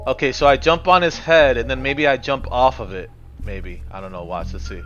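Dude streaming a game, swears a lot, mutters to himself, bit muffled audio w faint music. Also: male voice, mid-range voice, moderate pace, a bit bright. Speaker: live streamer. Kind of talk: casual gameplay commentary.

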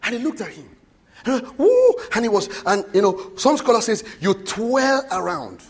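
A man preaching a sermon, animated and often putting questions to the congregation. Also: high-pitched, normal speed, husky.

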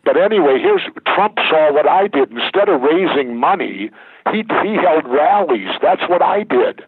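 A man's voice: a little high, lively intonation, moderate pace, breathy edge, dry recording. An older man, a former governor, talking bluntly and emphatically as an interview guest. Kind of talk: candid interview talk. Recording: tinny phone line, dry.

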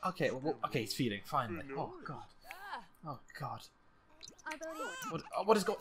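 A gaming channel host giving excitable, jumpy let's-play commentary, with frequent laughs and sudden exclamations. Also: medium pitch, moderate pace, pauses often.

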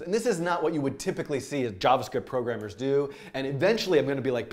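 A man's voice: medium pitch, darkish tone. A man teaching programming on a live stream, chatty and self-interrupting, with frequent fillers and laughs. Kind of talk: live-streamed coding tutorial.

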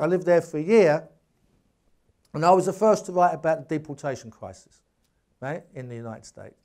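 A man giving a public lecture, telling anecdotes emphatically, in bursts with restarts and asides. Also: high-pitched. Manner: emphatic, animated storytelling. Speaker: guest lecturer.

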